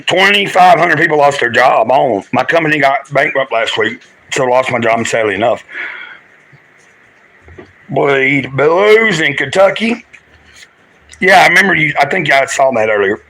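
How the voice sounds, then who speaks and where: A man's voice: medium pitch, lively intonation, normal speed, pauses often, bright, forceful tone, rough recording. A man chatting casually on a livestream, rambling through his day and talking straight to his viewers.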